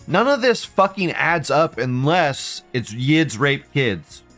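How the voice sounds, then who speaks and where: Male live-stream host, slightly high voice, swears constantly and rants in an agitated way, with faint music behind him. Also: sing-song, slow, fairly bright tone. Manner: profane, agitated ranting with repeated questions. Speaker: livestream host. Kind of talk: live-stream rant reading chat.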